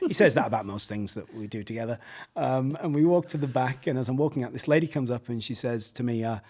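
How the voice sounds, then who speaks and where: A middle-aged English man telling a story casually, animated, laughing often and acting out the voices he quotes. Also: medium pitch, quick pace, hardly any pauses. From England. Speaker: podcast guest, pastor.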